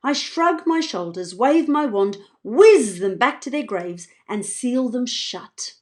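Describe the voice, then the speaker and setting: A woman author reading her children's book aloud in an expressive, playful voice. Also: on the high side, slow pace. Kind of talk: children's storybook read-aloud.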